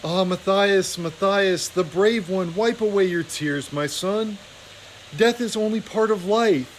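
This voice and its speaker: A man reading aloud, voicing an old male abbot mouse who is dying, gentle and fatherly. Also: high-pitched, measured pace, a little hiss or hum, rough recording. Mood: tender.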